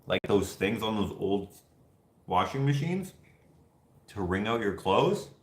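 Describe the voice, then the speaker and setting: Guy chatting with his stream, kinda low voice, animated storyteller, room echo. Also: slow pace. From Canada. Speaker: host. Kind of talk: casual livestream chat, reading viewer comments.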